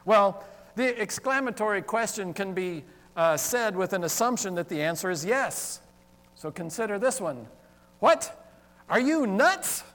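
A male pastor preaching a sermon, talking with the congregation and acting out exclaimed questions in an animated way. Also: high voice, normal speed, in a large hall. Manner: animated, interacts with congregation, acts out quoted exclamations. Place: church sanctuary.

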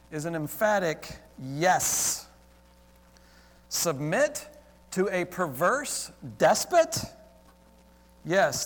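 A male pastor preaching a sermon, talking with the congregation and acting out exclaimed questions in an animated way. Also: fairly high pitch, long reverb tail. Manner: animated, interacts with congregation, acts out quoted exclamations. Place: church sanctuary.

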